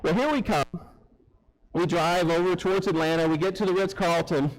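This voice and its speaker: Man, preacher, animated storytelling, acts out characters, slightly high voice, church sermon. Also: normal speed, low-quality recording. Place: church sanctuary.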